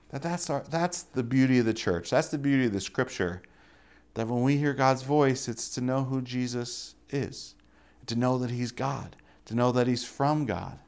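A man preaching a casual sermon, full of rhetorical questions and offhand jokes, swinging between loud emphatic lines and quiet asides. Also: mid-range voice, gravelly.

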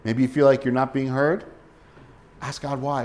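A man's voice: fairly high pitch, steady tone, moderate pace, a little mellow. Man preaching a sermon with direct questions. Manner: direct, asks listeners rhetorical questions. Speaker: pastor.

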